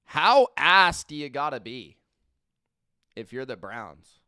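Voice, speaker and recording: A man hosting a live sports reaction stream, giving play-by-play and swearing, swinging from muttering to yelling and repeating himself in disbelief. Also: medium pitch, sing-song, slow, clean tone.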